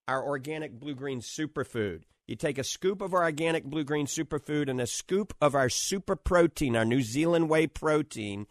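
A man with a New Orleans accent hosts a call-in advice show, talking callers through plans in a brisk, salesy way. His voice sits at a middling pitch. The sound is dry and close. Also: dry recording. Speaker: radio show host and eye doctor.

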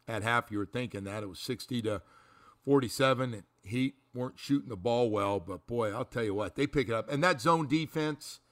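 A man hosting a sports talk radio show, talking through a game in an animated, rambling way and repeating his words. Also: medium pitch, brisk.

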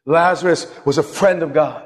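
A man preaching a sermon as a pastor, passionate, moving from hushed tones to loud bursts. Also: fairly high pitch, moderate pace. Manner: impassioned, swings from hushed to loud. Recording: long hall reverb.

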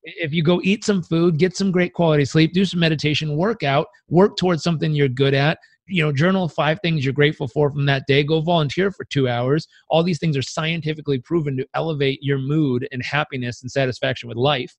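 A man's voice: steady tone, fairly quick, few pauses, no echo. A man speaking as a podcast guest, telling reflective stories in an earnest, conversational way and sometimes acting out inner voices. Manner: earnest, acts out inner voices with pitch jumps.

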